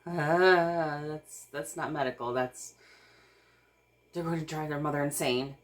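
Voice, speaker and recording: A woman, talking slowly to her camera. Her voice sits low, and she sounds overwhelmed and close to tears. She rambles, stops and starts, and laughs nervously. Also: fairly even intonation. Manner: rambling with restarts and sighs. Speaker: vlogger. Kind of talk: casual vlog talk to camera.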